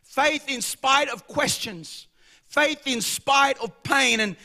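A man preaching a sermon as pastor, impassioned, swelling to shouts and dropping low, and calling the congregation to answer back. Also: slow, creaky, faint music behind. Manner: calls for congregation responses.

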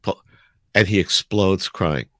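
A lively man in his sixties with a New York accent spins stories, bouncing into other people's voices as he quotes them. His voice sits fairly low, and the recording is close and dry. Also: slow, no room sound. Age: 60s. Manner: animated storyteller, acts out quotes. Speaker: radio DJ guest. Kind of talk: casual storytelling.

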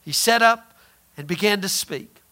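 A man preaching a sermon who asks the listeners questions and answers them himself, drawling some phrases slowly for emphasis. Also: sits high, sharp tone.

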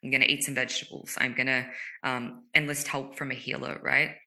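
A woman talking candidly and earnestly in a casual conversation about emotional healing, a podcast guest who speaks quickly and emphatically. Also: a bass voice, flat delivery, bright, forceful tone.

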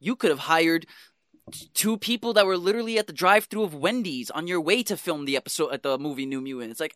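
Man, podcast co-host, bright tense voice, emphatic, exasperated, dry sound. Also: on the high side, expressive, a little fast, no echo. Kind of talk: casual movie review chat.

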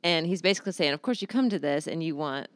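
A woman, co-hosting a casual faith discussion and telling stories with lively acted-out quotes. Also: low-pitched, quick pace, dry recording, clean studio sound. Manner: animated storyteller, acts out quotes. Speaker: podcast co-host.

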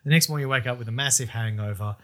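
A man with a mid-range voice talks very fast while co-hosting a casual podcast chat. He's a stand-up comedian who rambles, laughs often, and swears casually.

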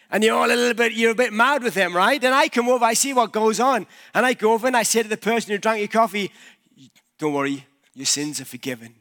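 High-voiced male pastor preaching. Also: fairly bright tone. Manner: conversational, uses props and everyday examples. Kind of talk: sermon. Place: church.

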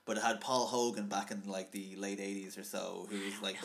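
A man's voice: lowish voice, fairly even intonation, brisk, creaky, a crowd in the background. A man hosting a podcast, chatting casually with rambling asides, frequent fillers and offhand swearing. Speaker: podcast host.

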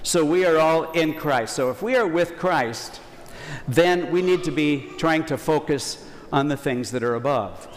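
A man's voice: on the high side, a little slow, big-room sound, slight background noise. A man preaching a Sunday homily as a priest in a conversational, folksy way, acting out quotes.

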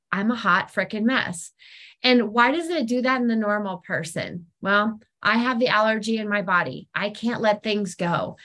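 A middle-aged woman sharing openly in a plain, mid-pitched voice. She talks frankly and pokes fun at herself, and her voice lifts higher and livelier whenever she quotes her own thoughts. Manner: frank, self-deprecating, animated when quoting herself. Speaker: speaker sharing on recovery program. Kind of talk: candid personal sharing talk.

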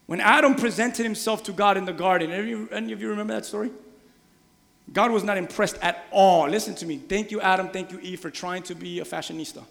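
A man preaching a sermon, animated, acting out voices and shouting the quoted lines. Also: sits high, quick pace, vocal fry. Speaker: pastor. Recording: long reverb of a large hall.

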